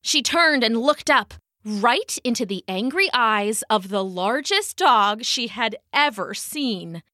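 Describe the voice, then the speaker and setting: A woman narrating a children's story in an expressive, unhurried reading. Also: on the high side, no room sound, studio quality.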